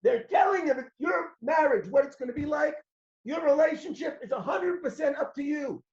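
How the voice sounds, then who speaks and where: A man giving a sermon as a rabbi, an animated storyteller who acts out the voices and shouts at the high points. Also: moderate pace, gravelly. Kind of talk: sermon with stories. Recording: roomy, dull lo-fi recording.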